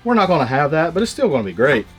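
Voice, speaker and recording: A man's voice: on the high side, very animated, very fast, slightly rough, soft background music. A man with a Southern US accent hosting a griddle cooking show, joking in a folksy way. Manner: folksy, joking, drawling sayings. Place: outdoor griddle cooking set.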